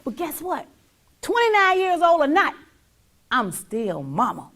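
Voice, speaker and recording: Gravelly-voiced middle-aged mother, emphatic. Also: sits high, wildly swooping pitch, measured pace, a bit bright. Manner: emphatic and repetitive, sometimes dropping to a near whisper. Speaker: mother sharing her story. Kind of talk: heartfelt personal testimony.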